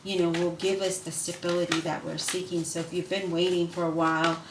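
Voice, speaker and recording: A woman's voice: fairly low pitch, a little fast. A woman giving a casual spoken tarot reading, effusive and emotional, who keeps asking "right?" and calling her viewers "you guys". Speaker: tarot reader. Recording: echoey room with steady noise.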